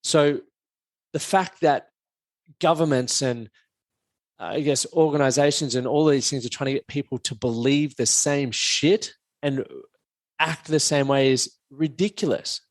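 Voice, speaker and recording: A man's voice: medium pitch, measured pace, no room sound. Frank, reflective man. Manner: frank, reflective, casual swearing. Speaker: podcast host, men's performance coach. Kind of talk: casual podcast chat.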